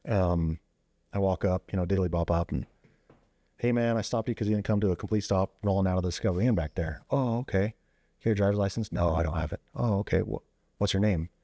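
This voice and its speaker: A podcast guest who is a veteran and ex-police officer recounts a story in a casual way, his voice sitting low with a dark tone and a quick pace. He speaks loosely, full of "you know" and "like," and acts out dialogue with abrupt shifts in his voice. There's no echo.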